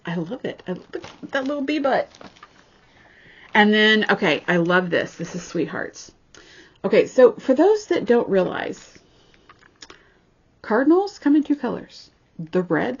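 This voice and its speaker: Gravelly-voiced chatty woman crafter. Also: medium pitch. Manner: chatty, gushing, snarky asides, frequent restarts. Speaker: cross-stitch vlogger. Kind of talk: casual show-and-tell chat. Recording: slightly dull lo-fi sound.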